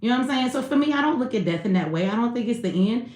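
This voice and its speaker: A woman's voice: on the high side, animated, racing, a little mellow, roomy sound. A woman in her thirties hosting a casual live stream, talking candidly in slang and laughing often.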